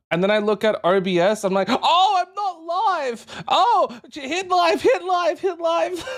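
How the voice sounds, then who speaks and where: A man streaming live, chatting casually with his viewers and greeting chat members one by one. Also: high-pitched. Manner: animated, jumps up into excited yelps.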